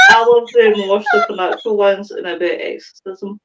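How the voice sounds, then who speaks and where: A woman's voice: mid-range voice, fairly even intonation, a little fast, heavy background noise. A woman co-hosting a podcast in casual chat, talkative, laughing often and swearing casually. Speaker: podcast co-host.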